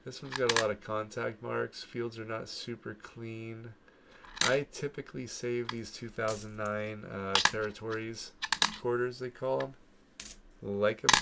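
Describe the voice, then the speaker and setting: A man's voice: fairly low pitch, fairly even intonation, unhurried, creaky, very noisy. A man from Florida with a New York accent, rambling casually to viewers as he sorts through coins and trails off mid-sentence. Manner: laid-back, talks to himself, trails off mid-sentence. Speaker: coin collecting channel host. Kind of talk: rambling casual commentary while sorting coins. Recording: loud clinking coins and typing close by. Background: coins dropping and keyboard typing.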